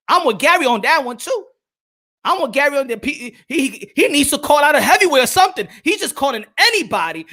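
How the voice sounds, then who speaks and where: A man hosting a live boxing stream, loud and animated, trash-talking fighters and hyping his viewers. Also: very high voice. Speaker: boxing commentator.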